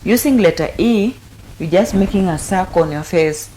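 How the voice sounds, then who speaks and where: A woman hosting a sign language lesson, calmly repeating each word several times as she explains the signs. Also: medium pitch, moderate pace, slight background noise, rough recording. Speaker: sign language teacher and host. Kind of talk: slow step-by-step instruction.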